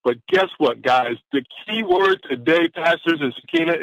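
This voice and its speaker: A man on a conference call giving an energetic, exclamatory motivational talk that keeps repeating its key phrase. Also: a little high, moderate pace, vocal fry, dry recording. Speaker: caller. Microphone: phone. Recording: dull dry phone line.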